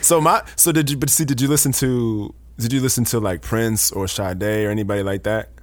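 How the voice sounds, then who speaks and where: A man's voice: mid-range voice, steady tone, brisk, dry recording. A man chatting casually, telling rambling, facetious stories full of restarts. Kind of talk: casual chat.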